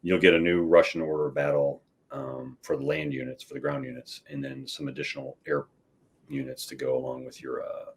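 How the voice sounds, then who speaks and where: A man's voice: extremely low pitch, flat delivery, fairly quick, vocal fry, slight background noise. A man who designs war games, explaining at length as a guest in a casual chat, with restarts and "right?" tags.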